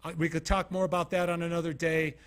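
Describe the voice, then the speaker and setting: A man's voice: fairly high pitch, fast talker. A man from Utah giving an informal motivational talk to a small studio audience. He tells stories with energy and keeps asking the listeners direct questions. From Utah, USA. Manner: animated storyteller, asks the audience direct questions. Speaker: motivational keynote speaker.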